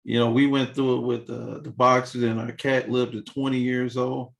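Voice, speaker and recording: Gravelly laid-back guy cohosting a podcast, chuckles a lot. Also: medium pitch, level tone, normal speed. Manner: laid-back, laughs easily. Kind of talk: casual chat.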